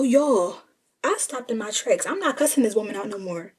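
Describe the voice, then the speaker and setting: A woman's voice: fairly high pitch, animated, moderate pace, darkish tone, slightly rough. A young woman telling a casual, sassy story and talking straight to her listeners as y'all. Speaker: storyteller vlogger.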